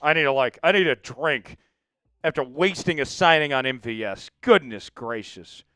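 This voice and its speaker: A man's voice: a little high, expressive, moderate pace, bright, forceful tone, clear, resonant tone, dry recording, studio quality. A man hosting a live sports stream, hyped and pleading with viewers, with bursts of mock outrage. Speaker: livestream sports show host. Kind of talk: casual live-stream chat.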